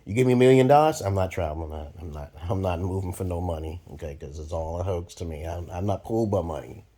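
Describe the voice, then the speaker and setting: A man in his forties from Brooklyn, New York, giving a profane, rambling monologue to camera with sudden loud jumps. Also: low-pitched, fast talker. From Brooklyn, New York, USA. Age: 40s. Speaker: vlogger.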